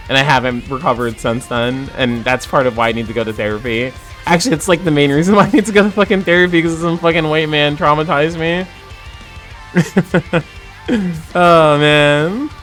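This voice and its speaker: A woman's voice: deep voice, fairly bright tone. A woman from New Jersey with a New Jersey accent, a little tipsy, chatting casually on a livestream, laughing often and swearing freely.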